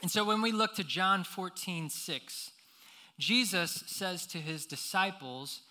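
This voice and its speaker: A man's voice: a little high, unhurried, pushed and bright. A young man preaching a sermon, telling a personal story with lots of fillers and restarts before turning to scripture.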